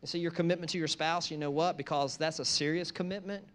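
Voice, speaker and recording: A man preaching a sermon, moving from conversational asides to loud, emphatic repeated phrases. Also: on the high side, steady tone, fast. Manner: conversational asides between scripture lines. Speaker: pastor.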